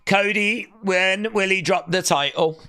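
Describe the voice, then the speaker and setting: Bright-voiced man reacting live. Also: sits high, a little slow, clear, resonant tone. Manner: excitable, reacts loudly and reads out viewer chat. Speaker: livestream host. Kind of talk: live watch-along reaction commentary.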